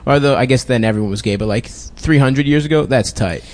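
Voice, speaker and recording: A man's voice: medium pitch, a little fast, darkish tone. A man chatting on a comedy podcast, brash and eager, often laughing. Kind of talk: casual comedic chat.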